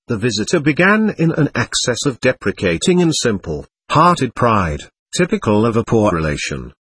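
Male audiobook reader, husky voice, lively pitch, measured storytelling. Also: no room sound. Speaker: audiobook narrator. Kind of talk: audiobook reading.

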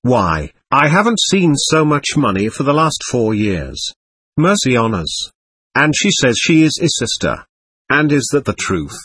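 A man's voice: medium pitch, sing-song, measured pace, a bit bright, breathy edge, dry recording, full character voice. A man voicing a poor, proud, grieving captain who tells his story with bitter emotion. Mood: astonished.

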